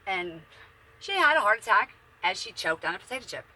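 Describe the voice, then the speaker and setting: A woman's voice: medium pitch, sing-song, a little fast, bright, forceful tone. A woman in her forties, chatting bluntly and profanely from her bedroom in a casual, rambling monologue. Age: 40s. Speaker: vlogger.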